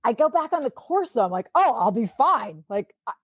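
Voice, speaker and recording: A woman, a sports anchor guesting on a podcast, telling a story in a chatty, animated way full of "like" and acted-out quotes. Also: fairly high pitch, normal speed, slightly rough, dry recording. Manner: chatty, fills speech with "like". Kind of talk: casual storytelling.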